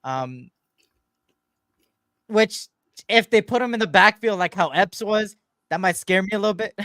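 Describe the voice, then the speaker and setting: A man's voice: on the high side, a bit bright, no room sound, clean studio sound. A man hosting a sports podcast, talking casually with lots of fillers and playful ribbing of his co-host.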